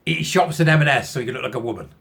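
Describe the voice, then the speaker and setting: A man's voice: mid-range voice, expressive, rapid-fire, vocal fry, a bit bright. A man, reading out a news article and mocking it sarcastically, laughing often at his own jokes. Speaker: commentary channel host.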